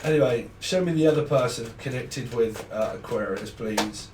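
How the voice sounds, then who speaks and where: A man's voice: mid-range voice, normal speed, distant mic, background noise. A man giving a casual, rambling tarot reading, swearing freely and laughing often. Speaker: tarot reader. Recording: roomy sound from off the mic.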